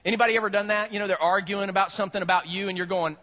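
A male pastor preaching a sermon, animated and humorous as he tells the story. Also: high-pitched, very fast.

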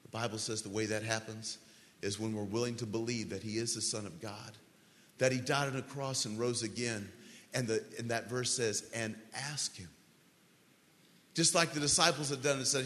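Male pastor, mid pitch, earnest pleading sermon delivery, long hall reverb. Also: a bit bright. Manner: earnest, slow and pleading, leading a prayer. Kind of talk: sermon altar call. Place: large church hall.

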